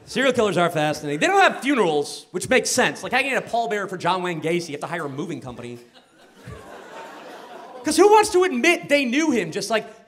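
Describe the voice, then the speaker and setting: Brash high-voiced male stand-up comic. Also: wildly swooping pitch, brisk, pauses often, fairly bright tone. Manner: brash, crude, chuckles at own jokes. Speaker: stand-up comedian. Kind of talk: stand-up set. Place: comedy club stage. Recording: noisy live club recording.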